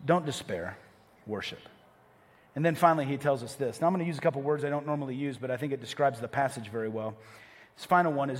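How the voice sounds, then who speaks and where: A man's voice: medium pitch, lively intonation, fast talker, big-room sound. A male pastor preaching a sermon in a conversational, emphatic way, asking the congregation rhetorical questions.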